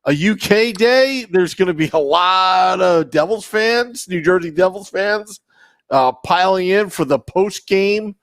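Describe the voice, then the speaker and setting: A man's voice: sits high, expressive, a little slow, fairly bright tone, no room sound, clean studio sound. A man co-hosting a fan podcast, chatting loosely and rambling through announcements. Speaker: podcast co-host. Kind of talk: casual podcast chat.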